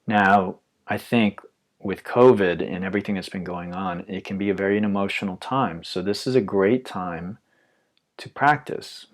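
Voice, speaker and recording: A man giving a calm, reflective dharma talk as a yoga teacher, his phrases often trailing off softly. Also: sits low, normal speed.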